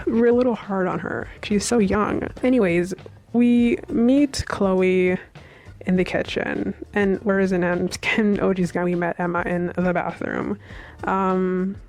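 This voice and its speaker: A woman's voice: mid-range voice, darkish tone. A young woman vlogger giving a chatty, opinionated review of a TV episode, rambling with fillers. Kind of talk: casual reaction review.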